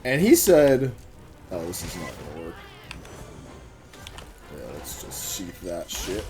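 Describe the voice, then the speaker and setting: A man's voice: low-pitched, big pitch swings, mellow. Rambling, cussing young man over music. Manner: swearing, rambling, quick asides to the game. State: getting over a cough. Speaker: gaming vlogger telling a work story. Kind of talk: casual storytelling while playing a game. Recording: music playing under the voice.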